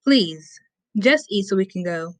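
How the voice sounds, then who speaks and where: A woman's voice: medium pitch, animated, unhurried, no echo, close to an everyday voice. A woman voicing an impatient teenage girl in an audiobook reading.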